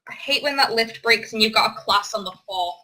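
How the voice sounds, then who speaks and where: A woman's voice: a little high, fairly quick, sharp tone, low-quality recording. A young woman chatting as a podcast co-host, giggly and rambling, swearing casually. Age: young adult. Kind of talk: casual chat.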